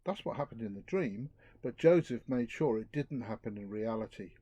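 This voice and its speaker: A middle-aged man giving an earnest outdoor talk to a youth group, reflective and lively. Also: medium pitch, normal speed, husky, no room sound. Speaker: youth speaker.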